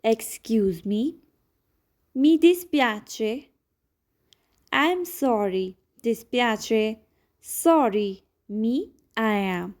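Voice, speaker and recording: Slow, high-voiced woman teaching phrases. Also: darkish tone. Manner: repeats each phrase and translates it. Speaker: Italian teacher. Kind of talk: slow language lesson.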